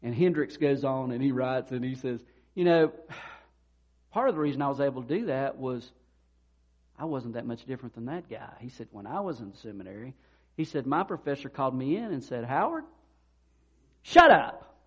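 A man's voice: medium pitch, brisk, slightly rough, highs cut off. A man preaching a sermon in a conversational way, acting out the people in the stories he tells. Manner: conversational preaching with animated retold dialogue. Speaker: pastor.

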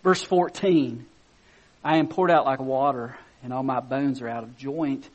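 A man preaching a sermon, reading scripture softly and then rising to loud, excited emphasis, chuckling between points. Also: mid-range voice, measured pace, lo-fi sound.

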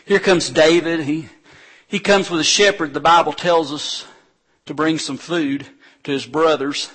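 A male pastor preaches, telling scripture stories with lively animation and bursts of acted-out crowd voices. His voice sits a little high for a man and has a husky edge. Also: measured pace. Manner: animated storytelling preacher, acting out crowds with shouts. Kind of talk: sermon.

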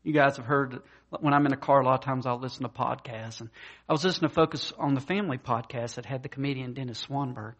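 A man preaching a conversational sermon, talking plainly with many fillers and restarts, and raising his pitch when he voices the people in his stories. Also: fast talker, fairly bright tone. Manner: voices quoted characters in a higher pitch. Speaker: pastor.

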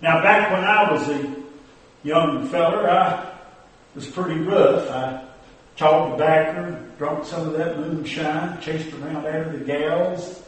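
Preacher comic, folksy drawl, high voice, echoey hall, mic far off. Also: male voice, slow. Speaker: preacher character.

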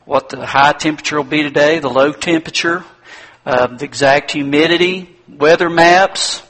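A man's voice: on the high side, moderate pace, fairly bright tone, low-quality recording. A man doing a bragging inventor. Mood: boastful. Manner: bragging, matter-of-fact. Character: proud, boastful male watch inventor.

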